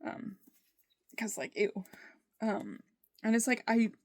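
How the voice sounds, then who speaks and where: Candid woman vlogging, halting and dry. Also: mid-range voice, big pitch swings, vocal fry, no room sound. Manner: halting, frequent fillers and restarts. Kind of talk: candid personal video diary. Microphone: phone camera.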